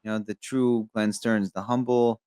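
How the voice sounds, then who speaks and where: A man's voice: fairly low pitch, flat delivery, moderate pace, warm tone, smooth, no room sound. A man hosting a casual interview, asking eager, admiring questions with many fillers. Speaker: podcast host.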